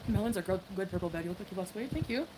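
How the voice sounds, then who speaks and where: A woman's voice: mid-range voice, expressive, rapid-fire, very noisy. A woman chatting casually with her stream viewers, greeting them by name. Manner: chatty, reads out viewer names. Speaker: livestreamer.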